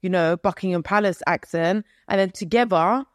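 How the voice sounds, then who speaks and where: A woman's voice: lowish voice, moderate pace, no room sound. Chatty young London woman, dry sound. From London, England. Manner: chatty, animated, slangy, laughs often. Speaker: podcast co-host. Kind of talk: casual chat.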